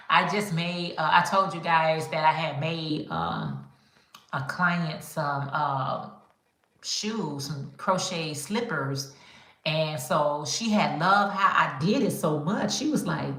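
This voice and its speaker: A woman with a fairly low voice chats casually with her livestream viewers, calling them y'all. The sound is roomy and echoey, as if recorded in a room at home. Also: animated, slow, a bit bright. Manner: chatty, addresses viewers as y'all. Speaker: livestream host. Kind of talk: casual live chat.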